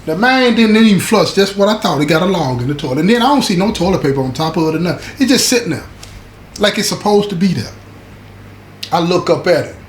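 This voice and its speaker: A man casually telling a story from his time inside, talking in an animated, slangy way and often checking in with his listeners. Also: high voice, quick pace. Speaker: show host recounting prison stories. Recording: echoey room with faint background noise.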